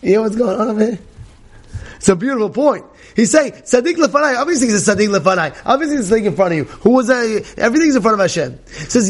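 A male rabbi giving a Torah class, telling animated stories, often laughing and repeating himself. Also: sits high, fast. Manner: animated storytelling, many repetitions; laughs often while talking.

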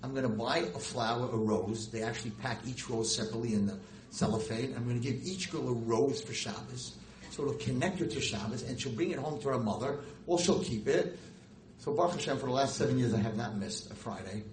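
A middle-aged man, a rabbi and teacher telling stories in a lecture, animated and jumping high and loud when acting out scenes. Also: a little fast. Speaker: rabbi and girls' school teacher. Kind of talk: storytelling lecture to an audience. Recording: roomy hall with faint noise.

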